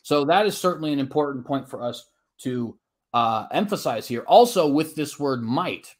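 A man making his case in a formal debate, earnest and argumentative, quoting scripture at length and often checking in with a quick tag question. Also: mid-range voice, lively intonation. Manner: frequent tag questions and "uh" restarts.

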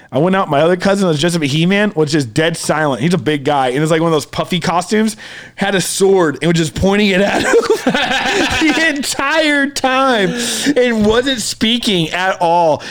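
A man, co-hosting a casual chat and telling a long story, acting out every quote and swearing freely. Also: on the high side. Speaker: podcast co-host.

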